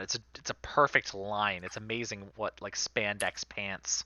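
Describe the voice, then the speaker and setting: A man narrating as game master in an animated, lively storytelling manner. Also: fairly low pitch, unhurried, no room sound, highs cut off.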